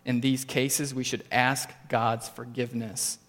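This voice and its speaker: A man preaching a sermon with earnest emphasis, his voice climbing for stressed points and dropping low for quiet ones. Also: level tone, measured pace, few pauses, long reverb tail. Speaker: pastor.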